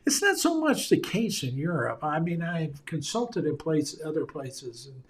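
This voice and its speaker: A man's voice: on the high side, very animated, measured pace. A man, a communication consultant, giving an earnest talk straight to camera and repeating key phrases for stress. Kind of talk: direct-to-camera video talk. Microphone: camera mic, speaking to viewers on video.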